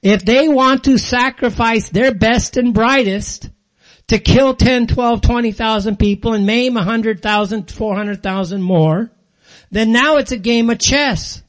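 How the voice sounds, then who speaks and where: A man's voice: extremely high pitch, a little slow. An older man hosting a show, delivering an angry, sarcastic monologue in blunt, ranting commentary. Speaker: show host.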